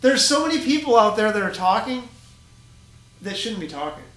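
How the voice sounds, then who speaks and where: A man's voice: high voice, very animated, normal speed, fairly bright tone, echoey room, low-quality recording. A man co-hosting a casual chat, heated and ranting, swearing often. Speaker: podcast co-host, group admin.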